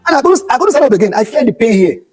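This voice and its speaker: Speaking with extremely high pitch and big swings, this Nigerian pastor talks rapid-fire in a husky voice. It's an emphatic motivational talk with sermon-like stories at a skills bootcamp event hall, with key phrases repeated for emphasis; faint music sits behind a low-quality recording.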